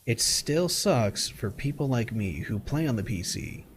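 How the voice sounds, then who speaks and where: A man's voice: mid-range voice, animated, measured pace, slight background noise. Rambling, foul-mouthed man streamer. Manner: rambling, blunt, swears casually. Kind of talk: casual live-stream chat while gaming.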